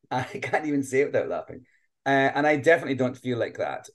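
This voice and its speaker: A man's voice: mid-range voice, big pitch swings, quick pace. A man in his late fifties, a guest performer, musing chattily in an interview over a video call, often laughing. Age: 50s. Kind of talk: casual interview chat.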